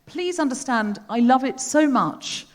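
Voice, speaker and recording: Animated woman hosting live comedy. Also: high-pitched, unhurried. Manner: rambling, self-deprecating storytelling. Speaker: comedy podcast host. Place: theatre stage before a live audience. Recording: long theatre reverb.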